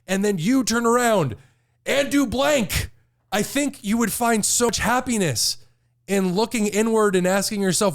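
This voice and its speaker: A man co-hosting a comedy podcast in relaxed conversation, with a notably high voice for a man. He talks in a dry, wry way and pushes back on his partner with deadpan asides. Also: unhurried, gravelly. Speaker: podcast co-host. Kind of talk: casual comedy chat.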